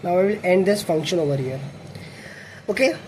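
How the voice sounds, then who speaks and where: A young coding tutor thinks aloud and corrects himself while writing code and explaining it. He speaks at normal speed in a high voice with a darkish tone. Faint background noise is audible.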